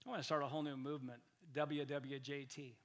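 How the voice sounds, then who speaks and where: Bright, forceful preacher man. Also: mid-range voice, fast. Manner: energetic, repeats words, bursts of loud emphasis. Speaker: pastor. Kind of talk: lively sermon.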